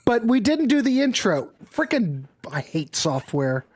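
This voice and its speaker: Excitable, teasing male host. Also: high voice, a little slow. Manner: excitable and teasing, swears freely. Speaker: show host. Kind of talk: casual livestream chat.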